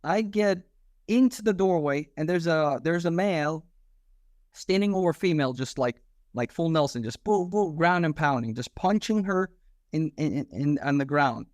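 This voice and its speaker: This ex-police officer, in his thirties and guesting on a podcast, speaks at normal speed in a voice on the high side, captured in clean studio sound without echo. His storytelling is casual and animated, heavy on slang, with the dialogue acted out.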